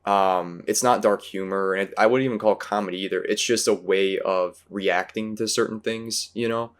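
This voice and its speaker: A man's voice: sits low, steady tone, moderate pace, smooth. A man in casual movie talk, rambling and searching for words with many fillers. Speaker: podcast host.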